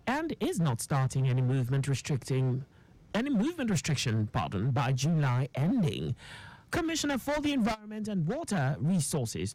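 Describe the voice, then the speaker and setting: A newsreader, reading a radio news bulletin in a formal, measured way. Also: mid-range voice, no echo, low-quality recording. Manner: formal, measured read with lively intonation.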